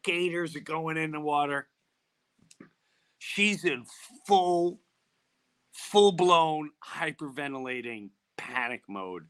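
Speaking slowly in a fairly high, clean voice, this middle-aged man hosts a podcast. He tells a story casually and with animation, performing the voices of the people in it.

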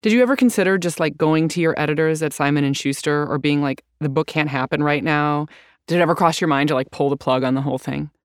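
A woman's voice: sits low, fast, clean tone, no room sound, clean studio sound. A woman interviewer asking probing, conversational questions.

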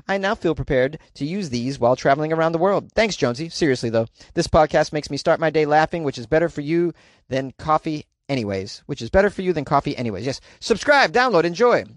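A man's voice: on the high side, no echo. Jokey male podcast host, dry sound. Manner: jokey, playful asides, breaks into silly singing. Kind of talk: comedic news podcast chat.

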